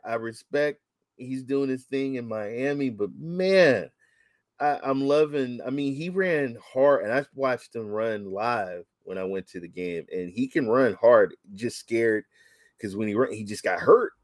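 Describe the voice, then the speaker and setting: A man co-hosting a casual sports chat, talking excitably with many halting restarts. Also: mid-range voice, no echo. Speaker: podcast co-host.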